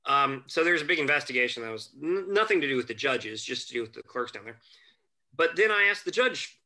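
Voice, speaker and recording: A man who is a guest on a chat show, telling lively anecdotes and acting out quotes. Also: medium pitch, a little fast. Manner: animated anecdotes, acts out quotes, chuckles. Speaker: podcast guest, family lawyer. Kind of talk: casual storytelling chat.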